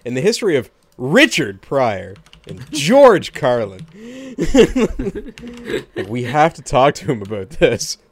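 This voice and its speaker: A man's voice: medium pitch, wildly swooping pitch, slow pace. A man co-hosting a podcast in casual chat, with an offhand manner and casual swearing. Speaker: podcast co-host.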